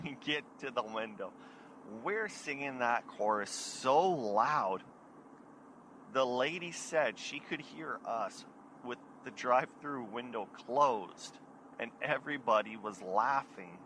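Bright-voiced man telling a story. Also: medium pitch, a little hiss or hum. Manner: animated, acts out friends' lines and sings snatches. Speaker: podcast host telling a story. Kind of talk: casual storytelling.

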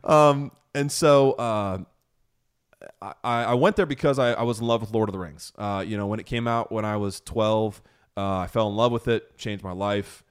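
Casting: American male podcast host in his thirties, slightly low voice, eager and rambling. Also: fairly even intonation, normal speed, smooth. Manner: enthusiastic, rambling, lots of fillers and restarts. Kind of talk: casual storytelling chat.

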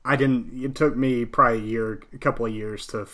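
A man co-hosting a podcast, chatting casually with frequent pauses and restarts. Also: medium pitch, steady tone, a bit bright. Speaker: podcast co-host.

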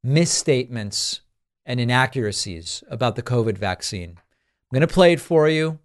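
A man's voice: medium pitch, lively intonation, normal speed. A man hosting a political talk show, giving emphatic, exasperated commentary and searching aloud for the right words.

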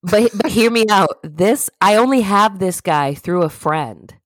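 A woman co-hosting a casual podcast, telling stories in a lively way and acting out quoted people. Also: medium pitch, measured pace, dry recording. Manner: animated storyteller, acts out quotes in raised voices. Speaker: podcast co-host. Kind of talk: casual chat.

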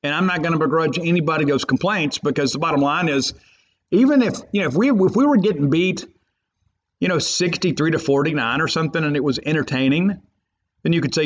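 A man with a fairly quick, higher voice hosts a sports podcast, giving opinionated takes in an emphatic, rambling way as a fan loyalist. The podcast audio is muffled and lo-fi.

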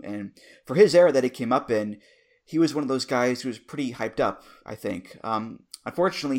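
A man in his thirties co-hosting a podcast, chatting casually and enthusiastically, laughing easily as he reminisces. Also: mid-range voice. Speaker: podcast co-host. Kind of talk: casual chat.

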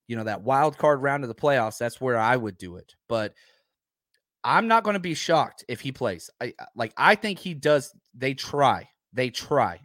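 Animated man hosting a live stream. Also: medium pitch, no room sound, studio quality. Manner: animated, talks fast and repeats himself. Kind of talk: casual live stream chat. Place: home.

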